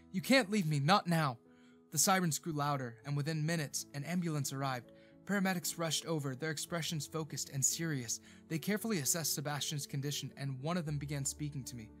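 Brief: male narrator, somewhat high voice, dramatic emotional storytelling, faint music bed. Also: fairly quick. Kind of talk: scripted first-person narration of a romance story.

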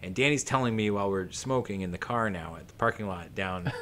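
A man's voice: lowish voice, fairly quick, a bit bright, a little hiss or hum. A man in his late thirties from southern Ontario, a guest musician telling a long story on a podcast in a rambling, profane way, full of fillers and laughter.

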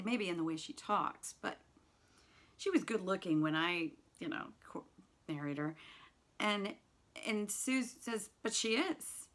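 A woman's voice: medium pitch, fairly bright tone. A middle-aged woman teaching literature, explaining a novel in a conversational way, full of "you know" and restarts. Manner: conversational, fillers and self-corrections. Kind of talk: lecture with read-aloud passages.

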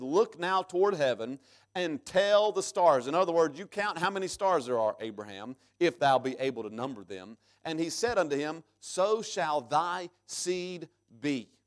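A man preaching a sermon in church, reading scripture aloud and swinging between loud emphatic peaks and sudden hushed drops. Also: on the high side. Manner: reads scripture aloud in King James English. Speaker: pastor.

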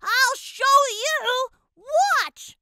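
A bossy, easily flustered witch from a cartoon storybook, put on by a woman. She sounds huffy and mock-menacing, pitched high and bright, with slow, drawn-out phrasing. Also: sing-song, no room sound, studio quality, full character voice.

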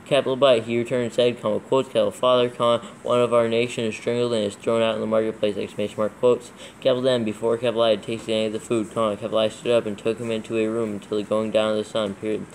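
Dictating scripture for a proofread, this man spells out capitals and punctuation as he reads steadily. He talks rapid-fire with hardly any pauses, in a lowish voice with little pitch movement, on a rough recording with slight hiss or hum.

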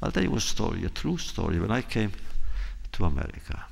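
Man, low voice, heavy gravel and fry, lively swooping intonation, unhurried public talk, repeats phrases for emphasis. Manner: unhurried, acts out quoted dialogue in a raised voice. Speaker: guest speaker.

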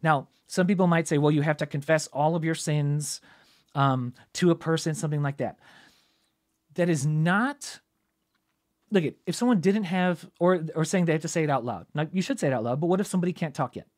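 Male preacher with a slightly higher voice, informal Bible teaching, chatty and thinking out loud. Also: brisk. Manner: conversational, thinks aloud, frequent "right?" asides.

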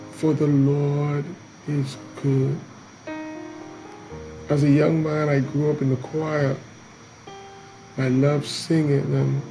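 Slow, emphatic man preaching a devotion. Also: fairly high pitch, vocal fry, dark tone, poor audio. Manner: slow, emphatic, repeats key lines. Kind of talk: morning devotion sermon.

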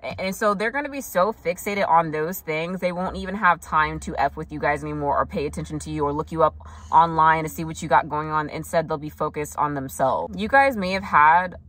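A woman's voice: sits low, a bit bright. Chatty woman giving a casual tarot reading. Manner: chatty, filler-heavy, quick asides and mock quotes. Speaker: tarot reader.

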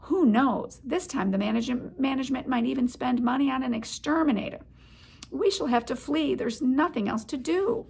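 A woman's voice: sits high, normal speed, creaky, a little mellow, slight background noise, voice pushed up. A woman reading aloud, voicing a cautious, bossy old male mouse with a stern manner. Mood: grim.

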